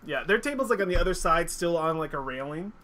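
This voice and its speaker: A man's voice: fairly high pitch, expressive, fast talker, bright, forceful tone, a little hiss or hum. A man narrating as game master of a tabletop game, loose and laughing, with many fillers.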